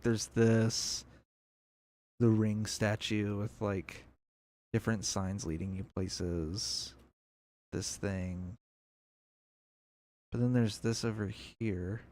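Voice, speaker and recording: A young man giving casual, rambling commentary on a video game as he plays, thinking aloud. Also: on the low side. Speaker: gameplay video creator.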